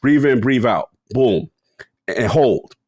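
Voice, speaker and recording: Man, husky voice, lively swooping pitch, slangy storyteller, dry sound. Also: slow, dry recording. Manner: acts out people in his story, laughs often, slangy. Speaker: podcast co-host. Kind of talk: animated storytelling chat.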